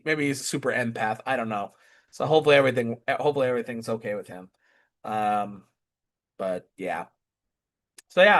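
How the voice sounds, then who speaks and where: A man's voice: medium pitch, a bit bright. Man, casual family update, rambling, lots of restarts, chatty, mid-range voice. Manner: rambling, with frequent restarts and self-corrections; chatty, easily amused. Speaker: vlogger.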